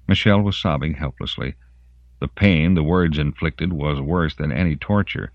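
A man narrating an audiobook in an expressive storytelling manner. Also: a bass voice, moderate pace, no room sound. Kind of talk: scripted narration. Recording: dry, muffled lo-fi audiobook.

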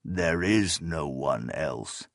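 A man's voice: medium pitch, slow pace, dry recording, clean studio sound. A man voicing a cold, bitter old male sorcerer who snaps and sneers scornfully. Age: older.

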